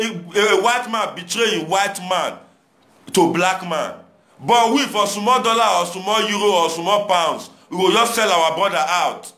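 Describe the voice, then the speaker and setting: Nigerian pidgin guy preaching at the camera, highish voice, echoey room. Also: bright, forceful tone. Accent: Nigerian Pidgin English. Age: young adult. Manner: preachy, exhorting, repetitive rhetoric. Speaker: commentator addressing viewers. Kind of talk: impassioned monologue.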